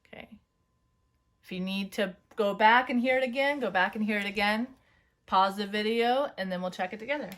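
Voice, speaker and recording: A woman teaching a phonics and dictation lesson, dictating slowly word by word and checking in with students. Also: medium pitch, a bit bright. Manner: slow, careful word-by-word dictation; checks in with "right?" and "okay?".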